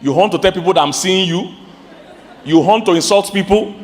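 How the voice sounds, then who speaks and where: Nigerian male pastor, high voice, lively live sermon, long hall echo. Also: a little fast. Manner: animated preaching with sudden high-pitched outbursts; asks the congregation questions.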